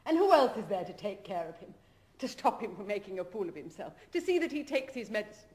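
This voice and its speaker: An actress playing an emotional middle-aged aristocratic woman in a 1970s stage drama, swinging between tender coaxing and shrill mockery. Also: very animated, fast talker, darkish tone, natural voice. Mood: wistful.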